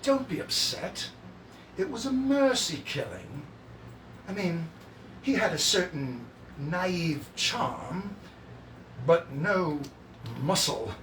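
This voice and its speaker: A man putting on a flamboyant, theatrical male showman who stretches his words out, pitched high for a man. The voice sounds roomy and distant, with guitar playing behind it. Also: sing-song, slow, long pauses, a bit bright, slight background noise, heavily acted. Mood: coaxing.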